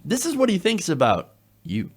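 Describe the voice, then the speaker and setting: A man delivering opinionated political commentary in a sarcastic, animated way. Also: high-pitched, normal speed. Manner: sarcastic, animated, drops into mocking quotes.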